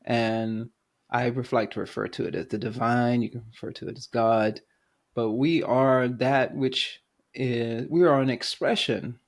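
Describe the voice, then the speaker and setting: A man hosting a spiritual podcast, speaking slowly and thoughtfully and often stopping to find the right word. There is some gravel in his voice. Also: medium pitch, fairly even intonation. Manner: searching for words, halting, thoughtful. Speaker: podcast host. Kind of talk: casual conversation.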